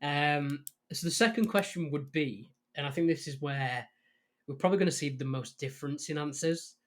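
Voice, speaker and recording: A man's voice: on the high side, moderate pace. Friendly male podcast host. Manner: friendly, laughs along, asks set questions. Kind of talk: casual podcast interview.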